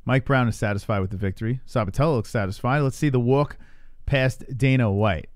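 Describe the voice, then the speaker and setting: A man's voice: medium pitch, fairly quick, no room sound, studio quality. A man hosting a live stream, chatting casually with a laid-back, joking manner and swearing freely. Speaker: stream host. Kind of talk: casual live reaction chat.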